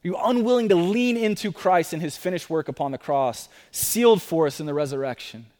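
A man preaching a sermon, repeating key phrases and moving between loud urgent declarations and quiet personal appeals. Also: on the high side, animated, a little fast, in a large hall. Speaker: pastor.

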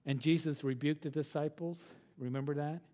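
A man's voice: on the high side, steady tone, moderate pace, dark tone. A man, a pastor, giving an earnest verse-by-verse Bible teaching, reading scripture aloud and asking his listeners tag questions. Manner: earnest, asks the listeners tag questions, repeats words when restarting; reads scripture passages aloud.

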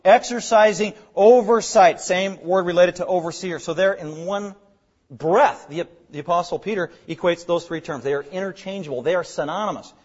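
A man's voice: sits high, a little fast, husky, highs cut off. A man preaching as the pastor of his church, explaining terms with emphatic repetition. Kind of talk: sermon.

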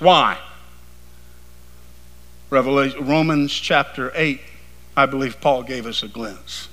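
A man preaching a sermon with passion, dropping to hushed tones and then building to emphatic, rising lines. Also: medium pitch, slow pace, long pauses. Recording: long hall reverb.

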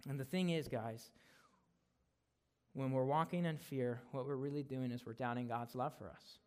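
A man's voice: medium pitch, normal speed, smooth. Casual, emphatic male preacher. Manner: casual, conversational preaching with frequent "right?" and "guys"; rises to loud emphatic declarations when reading scripture. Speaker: guest preacher. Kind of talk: sermon.

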